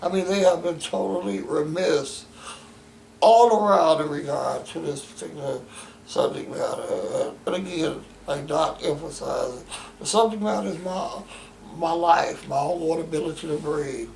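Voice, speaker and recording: A man's voice: a little high, measured pace, gravelly, darkish tone, echoey room, slight background noise, poor audio. A man at home, making an emphatic complaint in formal, wordy phrasing with many stammered restarts. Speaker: interviewee describing his care. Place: home bedroom.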